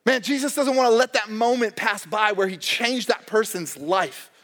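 A man preaching a sermon as pastor, animated and joking, acting out the voices of characters in the stories he tells. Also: high-pitched, moderate pace. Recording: long hall reverb.

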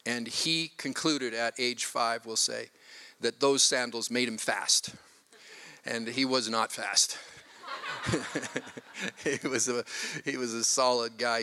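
An older man from Canada, a pastor preaching a sermon with animated, self-mocking stories. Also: mid-range voice. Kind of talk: sermon with storytelling.

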